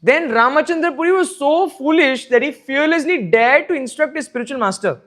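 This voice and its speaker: A man's voice: very high voice, animated, a little fast, fairly bright tone. A man giving an emphatic devotional scripture class, repeating his points. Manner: emphatic, repeating points, asks listeners "right?". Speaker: scripture teacher. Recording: echoey room.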